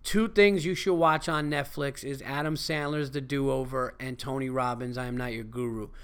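Man, podcast host, stand-up comic, casual monologue, swears a lot, rambling, animated, mid-range voice. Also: mid-range voice, normal speed, clear, resonant tone.

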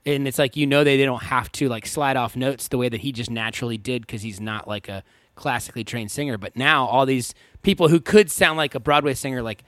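A man's voice: medium pitch, a little fast, a bit bright, dry recording. A man co-hosting a casual podcast with bandmates, laughing easily and explaining things at length. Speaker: podcast co-host and band member. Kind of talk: casual chat.

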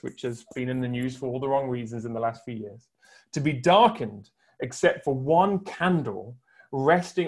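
A man preaching a sermon from home for an online service, building his points with emphatic, rhetorical repetition. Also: a little high. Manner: emphatic, rhetorical build-ups with long pauses. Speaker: pastor.

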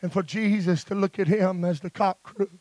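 A man's voice: high-pitched, steady tone, moderate pace, a little mellow, dry recording. A man preaching a sermon with emphatic phrasing, punctuating his lines with "uh", with guitar music playing behind him.

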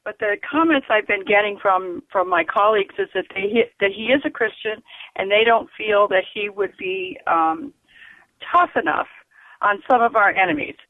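A woman calling in to a radio show, speaking earnestly and emphatically, with many fillers and pauses. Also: mid-range voice, expressive, dry recording. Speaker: caller. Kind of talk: call-in radio comment. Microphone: telephone. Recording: tinny phone line.

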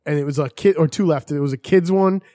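A man talks fast and a little high, racing through a story with plenty of swearing. He voices the people he quotes as he goes. The sound is close and dry, with no room around it. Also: mellow, dry recording. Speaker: storyteller in a chat. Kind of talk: casual chat.

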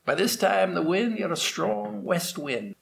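A male storyteller recounts a tale aloud, unscripted, with restarts and fillers. His voice sits a little high, and he stretches out lines for suspense. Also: animated, measured pace, creaky, a bit bright. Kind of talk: oral storytelling.

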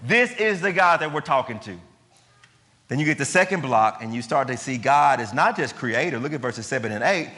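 Emphatic preacher in a reverberant hall. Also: male voice, medium pitch, expressive, normal speed, pushed and bright. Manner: emphatic, conversational preaching with rhetorical questions. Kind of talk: sermon.

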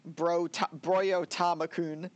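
A man's voice: sits high, level tone, slow, muffled recording. A man co-hosting a casual anime review chat, rambling, laughing and acting out scenes as he talks. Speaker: podcast co-host.

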